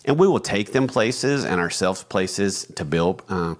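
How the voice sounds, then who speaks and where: A man with a very deep voice talks through a casual podcast conversation. He rambles, restarts, and now and then acts out what he tells himself. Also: animated, unhurried. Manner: rambling, restarts often, acts out his inner voice. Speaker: podcast co-host.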